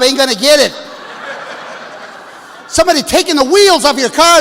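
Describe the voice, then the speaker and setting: A man in his sixties doing a stand-up comedy set, brashly working the crowd and shouting at the audience from a stage. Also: very high voice, lively intonation, fast. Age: 60s. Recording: live hall with long reverb, faint room noise.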